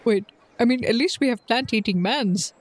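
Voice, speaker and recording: A man's voice: extremely high pitch, normal speed. A man playing a tabletop roleplay game in character, goofy and joking, rambling through his lines with restarts. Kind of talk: in-character improv in an actual play game.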